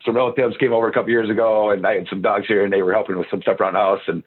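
A man's voice: on the low side, level tone, racing, breathy edge. A man who boards and minds dogs, chatting casually and rambling, often restarting his sentences. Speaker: dog boarder and pet sitter. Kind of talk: casual chat. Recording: phone-line audio.

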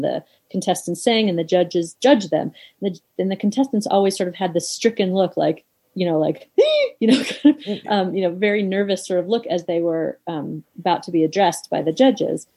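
A woman's voice: mid-range voice, dark tone, poor audio. A middle-aged woman guest talking things through reflectively in an interview, with frequent fillers. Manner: thoughtful, reflective, with many fillers. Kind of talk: conversational interview.

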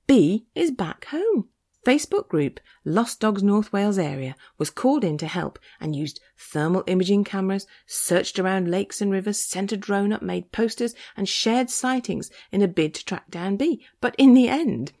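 Woman, lively opinionated podcast host. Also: mid-range voice. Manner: opinionated, sarcastic asides. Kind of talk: scripted podcast commentary.

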